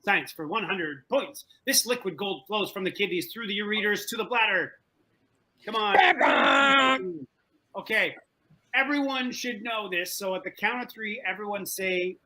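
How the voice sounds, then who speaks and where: A man hosting an online trivia game over a video call, animated and joking, often repeating himself. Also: high voice, low-quality recording. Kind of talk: playful game-show hosting. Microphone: video call from home.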